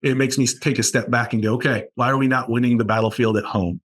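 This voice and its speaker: A man from Boston, guest on a podcast interview, talking about his college aviation program with enthusiastic, animated storytelling. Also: mid-range voice, quick pace.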